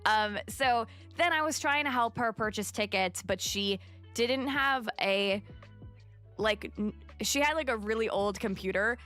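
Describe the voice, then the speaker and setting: A woman's voice: a little high, measured pace, fairly bright tone, faint music behind. A young adult woman streaming live, chatting casually with viewers, greeting them by name and filling her talk with lots of fillers.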